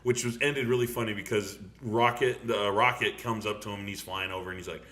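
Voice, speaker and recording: An excitable young man chatting casually as a podcast host, his voice bright and forceful. He swears freely and breaks into laughter as he rattles on. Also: on the low side, quick pace. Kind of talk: casual movie review chat.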